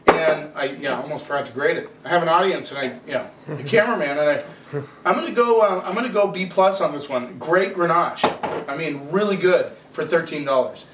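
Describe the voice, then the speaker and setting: A wine reviewer with a slightly high, fairly quick voice chats casually and opinionatedly, ranting with rhetorical questions. He's in a room at home with a cameraman, and the echoey space, distant camera mic, and faint hiss color the recording.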